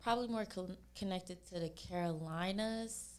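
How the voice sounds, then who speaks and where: A young woman from California, a singer being interviewed on a podcast, chatting in a relaxed way and acting out what other people say to her. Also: lowish voice, moderate pace, smooth. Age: young adult. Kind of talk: casual interview chat.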